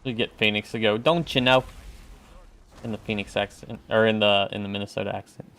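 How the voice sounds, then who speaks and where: A man's voice: fairly low pitch, flat delivery, quick pace, vocal fry, a bit bright, clean tone. A man chatting casually while streaming a game, joking and talking back to enemies on screen. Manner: joking, talks to game enemies, hums along. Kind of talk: casual gameplay commentary.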